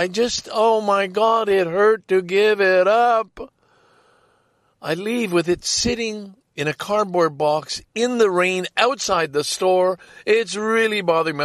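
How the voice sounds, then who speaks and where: Lively, animated man. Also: high-pitched, no echo, clean studio sound. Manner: emotional storytelling, talks to himself in quotes. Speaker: podcast host. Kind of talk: casual personal monologue.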